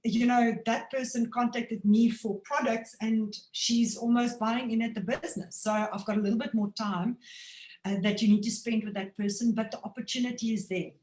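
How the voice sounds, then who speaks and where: A woman giving a motivational training talk on network marketing, lively and acting out phone calls. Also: fairly high pitch, roomy sound, low-quality recording. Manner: animated, acts out phone calls in quick voices.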